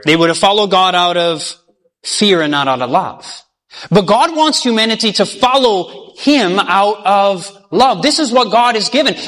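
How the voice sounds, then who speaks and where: High, bright-voiced male preacher in a hall. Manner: storytelling, acting out voices, asking the audience questions. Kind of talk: sermon.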